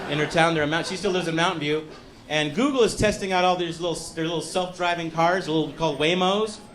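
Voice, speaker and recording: High-voiced rambling stand-up man. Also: a bit bright. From California, US. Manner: rambling, self-deprecating, with profane outbursts. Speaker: stand-up comedian. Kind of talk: live stand-up comedy set. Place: comedy club stage before a laughing audience. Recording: live club recording, crowd laughter and noise.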